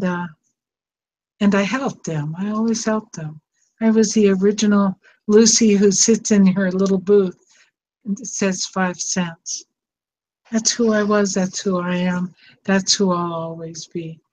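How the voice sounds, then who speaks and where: A woman's voice: mid-range voice, a little mellow. An older woman, a psychotherapist hosting a show, talking in an emotional, tender, rambling way. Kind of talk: casual heartfelt chat. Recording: dull lo-fi sound with faint noise.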